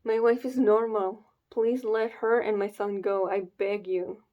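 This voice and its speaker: A woman's voice: medium pitch, little pitch movement, unhurried, muffled recording, lightly acted. A woman reading the lines of a desperate young father who begs his captors, in an urgent, pleading way, from a comic she reacts to.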